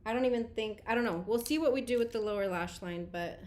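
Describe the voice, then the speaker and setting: A woman's voice: on the high side, fast talker, darkish tone. A woman in her thirties, a beauty vlogger chatting casually on a livestream, greeting viewers and laughing often.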